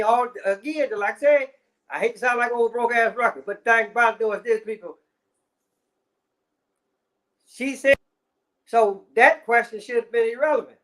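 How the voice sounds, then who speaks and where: A man's voice: very high-pitched, a bit bright. A man ranting in casual commentary, heavy on swearing and repeated fillers. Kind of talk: profane rant.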